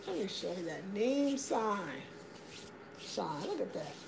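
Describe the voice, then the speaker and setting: Woman hosting a relaxed home livestream, chatty and upbeat, reading out viewer comments. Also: mid-range voice, slow, vocal fry, background noise. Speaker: livestream host.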